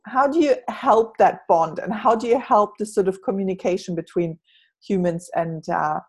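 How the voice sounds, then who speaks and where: Husky-voiced woman interviewer. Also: mid-range voice, moderate pace. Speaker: host. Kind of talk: casual interview.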